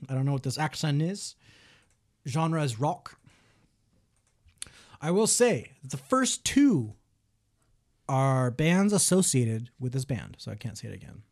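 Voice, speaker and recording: A man's voice: medium pitch, big pitch swings, unhurried, creaky, long pauses. A man co-hosting a podcast, running a music guessing game in casual, playful banter full of teasing and swearing. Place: small room with a window.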